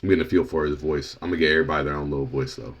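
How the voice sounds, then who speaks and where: A man's voice: very deep voice, fairly even intonation, rapid-fire. A man giving casual, joking commentary while playing a video game. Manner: offhand, joking asides. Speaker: gaming channel host. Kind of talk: casual let's play commentary.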